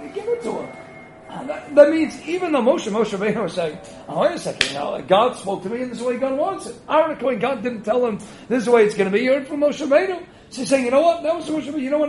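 A man's voice: very high voice, darkish tone, slight background noise. A man giving a spirited Torah lecture, emphatic, posing rhetorical questions and answering them himself. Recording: roomy echo.

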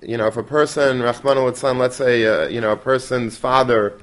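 A man's voice: medium pitch, a little fast. A man teaching a Torah class in a conversational way, dropping Yiddish and Hebrew terms and restarting often.

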